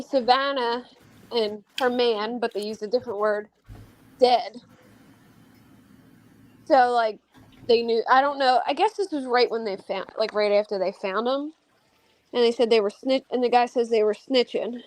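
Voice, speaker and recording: A woman's voice: fairly high pitch, steady tone, moderate pace, no room sound, rough recording. A woman hosting a casual true-crime panel chat, talking loosely with many fillers. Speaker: host.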